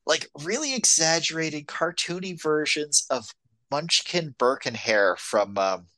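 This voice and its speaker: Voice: medium pitch, lively intonation, measured pace, bright, forceful tone, no room sound. A podcast co-host chatting casually about a movie, rambling with lots of "like" and "um". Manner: rambling, full of "like" and "um". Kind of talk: casual movie-review chat.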